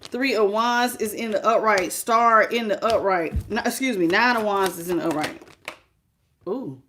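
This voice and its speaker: A woman's voice: medium pitch, moderate pace, fairly bright tone, slight background noise. A woman with a mid-range voice runs a live-stream tarot reading in an easy, chatty way. She speaks right to the listener, welcomes viewers one by one and calls them sweetheart or baby. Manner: chatty, greets viewers by name with endearments.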